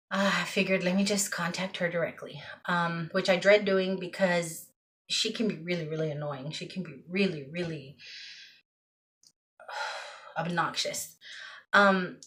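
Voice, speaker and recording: A woman's voice: medium pitch, a bit bright. A middle-aged woman in a personal vlog, venting with exasperation and repeating words for emphasis. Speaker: vlogger and mother. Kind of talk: emotional personal vlog rant.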